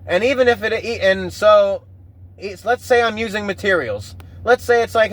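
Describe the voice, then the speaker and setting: A man's voice: sits high, expressive, normal speed, a bit bright. A man hosting his own podcast, talking in a casual, rambling, profane monologue full of restarts. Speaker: podcast host.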